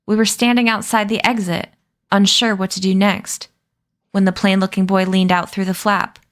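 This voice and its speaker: A woman reading a novel aloud as a storyteller, in a calm, steady manner. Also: mid-range voice, normal speed.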